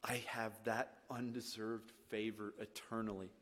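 A man preaching a sermon as pastor, swinging from hushed lines to loud, emphatic ones. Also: lowish voice, level tone, unhurried. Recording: long reverb of a church hall.

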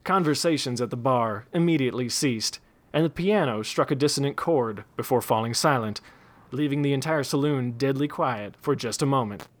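A man's voice: medium pitch, moderate pace. Man reading a western story aloud.

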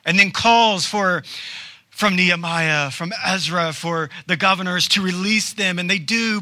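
A male pastor delivers a sermon in a relaxed, conversational way. His voice is fairly high and strikingly bright. He asks rhetorical questions and pauses for effect.

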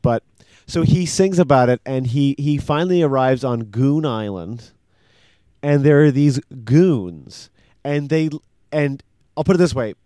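Man, podcast co-host, casual rambling chat, middle pitch, dry close sound. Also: a little slow, smooth, no echo. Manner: rambling, animated storytelling.

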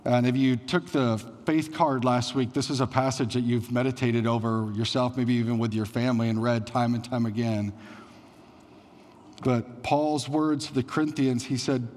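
A man's voice: medium pitch, fairly even intonation, moderate pace, darkish tone, long reverb tail. A man preaching a sermon as pastor, in a conversational style with frequent fillers.

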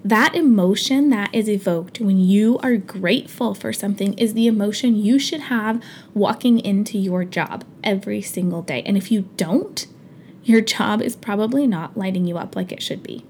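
This thirty-something woman hosts a podcast, offering casual motivation at a moderate pace in a slightly mellow, medium-pitched voice. She's chatty and earnest, often using fillers and restarting sentences, with slight background noise behind her.

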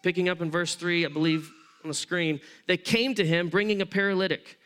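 Man preaching, lively conversational sermon, high voice, smooth and clear. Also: fairly quick. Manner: acts out voices of people in the story. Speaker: pastor.

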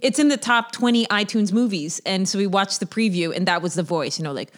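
A woman co-hosting a casual podcast, joking and cutting in with quick asides. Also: medium pitch. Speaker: podcast co-host.

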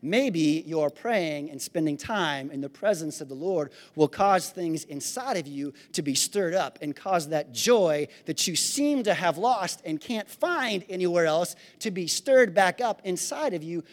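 A male pastor preaching a sermon to his congregation, swinging between shouted praise and easy conversational asides. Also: a little high, lively intonation, unhurried, hardly any pauses. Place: church sanctuary. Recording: long hall reverb.

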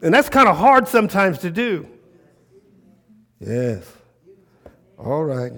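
A man preaching a sermon, calling out to the congregation and swinging between hushed asides and loud bursts. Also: on the high side, big pitch swings, slow.

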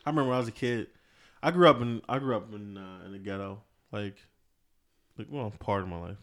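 A man telling stories in casual chat, profane and animated. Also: lowish voice, a little fast.

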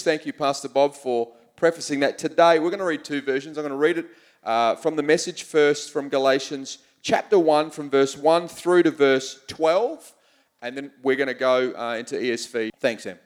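A man's voice: on the high side, moderate pace, big-room sound. A man preaching a sermon as pastor, emphatic, repeating words as he builds a point.

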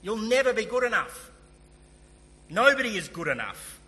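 A man voicing a stern elderly preacher of great authority, declaiming loudly and emphatically, with long hall reverb and a faint hum. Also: sits high, sing-song, normal speed, pitched above the performer's own voice, full character voice.

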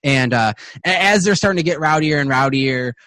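A man's voice: on the high side, lively intonation, normal speed, a bit bright, no echo. A man narrating as game master in a tabletop game, rambling and restarting often. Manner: rambling, full of fillers and restarts.

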